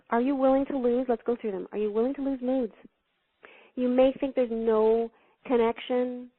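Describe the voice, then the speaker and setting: Woman telling stories over a tinny phone line. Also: a little high. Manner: animated storyteller who acts out the voices in her stories. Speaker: interview guest, spiritual teacher. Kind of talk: storytelling teaching in an interview.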